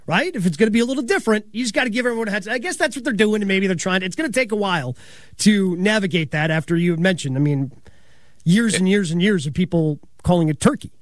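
High lively guy hosting sports radio, jokey back-and-forth, dead dry mic. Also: no echo. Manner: animated, laughing often, quick asides. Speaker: radio sports show host. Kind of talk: casual sports radio chat.

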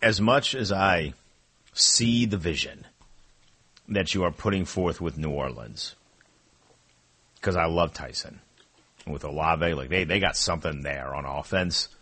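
A man's voice: low voice, unhurried, long pauses, sharp tone, no room sound. A man talking on a sports radio show, easygoing banter with the host.

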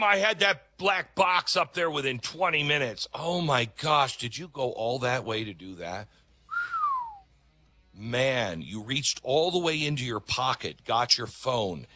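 Animated, sarcastic man hosting talk radio. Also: medium pitch, no echo. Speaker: radio talk show host. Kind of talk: opinionated talk radio monologue.

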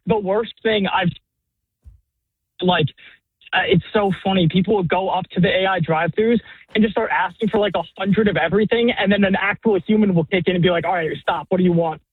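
A young man phones in and chats casually, dropping "like" everywhere. His high, slightly husky voice comes through a tinny phone line. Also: steady tone, brisk, no echo. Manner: chatty, many "like" fillers. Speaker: caller.

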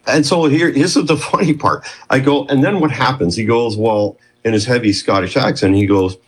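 A man's voice: mid-range voice, fairly quick, slightly rough, low-quality recording. A man in his fifties, a guest on an interview show, telling a long story in a rambling, self-interrupting way.

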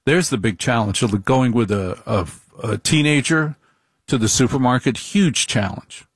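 Man, middle-aged, comic monologue, deliberate, repetitive, wry, average pitch, dry close sound. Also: slightly rough, no echo.

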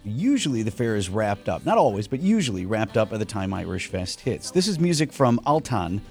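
A man's voice: on the low side, big pitch swings, a little fast, a little mellow, soft background music. A man hosting a radio show, chatting casually with a co-host and guest and reading a live ad. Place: radio studio.

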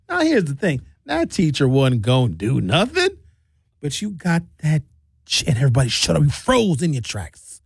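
A man's voice: on the high side, normal speed, gravelly, slightly rough, no room sound. A man in his fifties talking in a casual monologue, blunt and profane, acting out quotes as he tells stories. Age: 50s. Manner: animated storytelling with acted-out quotes. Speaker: commentator.

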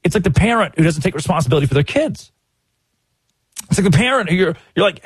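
A man delivers fired-up sports commentary with a husky, slightly high voice that leaps up and down as he gets exasperated. He talks straight into a close microphone in a dry, dead room. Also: quick pace, pauses often, dry recording. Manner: animated, exasperated, acts out quotes. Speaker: sports talk host.

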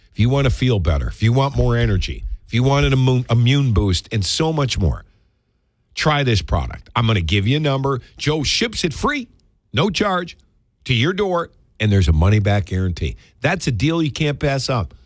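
A man's voice: mid-range voice, no room sound, clean studio sound. A man hosting a radio talk show, doing folksy, emphatic live-read ads and chatting about football.

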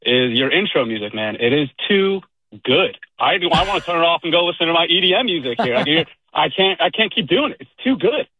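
Excited caller, a man, higher voice, tinny phone line. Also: fairly quick, husky, dry recording. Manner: enthusiastic, chatty. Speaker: radio caller. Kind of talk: call-in chat.

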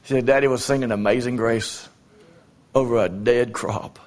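A man's voice: mid-range voice, steady tone, a little mellow. A man preaches a sermon as a traveling evangelist. He tells homespun stories in a folksy, plain-spoken way. He stumbles over fillers and repeats phrases as he goes. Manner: folksy, storytelling, repeats himself with halting fillers.

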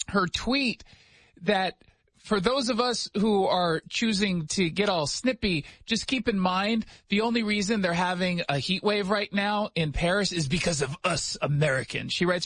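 A man hosting a radio talk show, chatting casually with sarcastic jokes and quick asides. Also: high-pitched, fairly bright tone, no room sound. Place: radio studio.

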